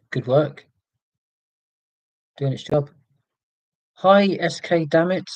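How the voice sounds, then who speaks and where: A man's voice: fairly high pitch, slow, no echo, lo-fi sound. A man from Scotland hosting a casual livestream, chatting to viewers in a rambling way with many ums and restarts. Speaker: livestream host.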